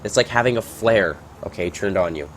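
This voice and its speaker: A man giving casual, rambling gameplay commentary, reacting out loud and swearing at surprises. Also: on the low side, lively intonation, brisk, a little hiss or hum.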